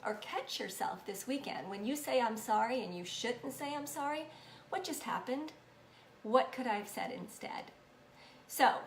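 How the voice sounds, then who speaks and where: A woman hosting a self-help video, talking to the camera in an earnest, encouraging and somewhat preachy way. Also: a little high. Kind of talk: casual talk to camera. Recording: echoey room with faint noise.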